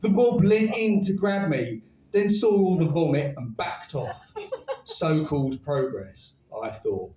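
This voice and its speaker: A man's voice: on the high side, animated, unhurried, mellow. A man performing comic spoken word poetry at a live night, telling his story with a wry, dry delivery. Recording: roomy live venue, distant mic.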